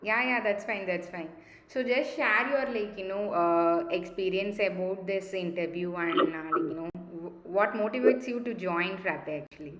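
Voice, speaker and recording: A woman's voice: mid-range voice, normal speed, a bit bright, echoey room, rough recording. A woman interviewing a guest on a video call, casual and hesitant with many fillers. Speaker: interviewer, community host.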